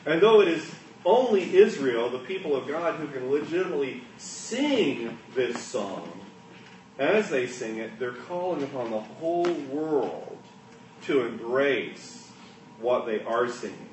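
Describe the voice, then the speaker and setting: A man preaching a sermon, swinging between hushed asides and loud, emphatic lines. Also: mid-range voice, sing-song, unhurried, noisy background. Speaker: pastor. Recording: echoey room, mic at a distance.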